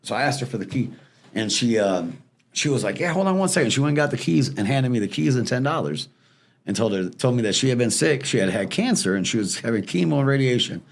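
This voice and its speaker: A man's voice: medium pitch, creaky. A man casually telling stories as a podcast guest, acting out the people in them. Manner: fast, animated storyteller acting out quoted people. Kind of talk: casual storytelling.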